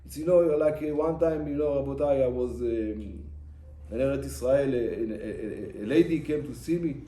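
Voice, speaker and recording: A man's voice: medium pitch, moderate pace, warm tone, a little hiss or hum. A man who is a rabbi, giving an emphatic, repetitive sermon in English and mixing in terms. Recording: echoey room.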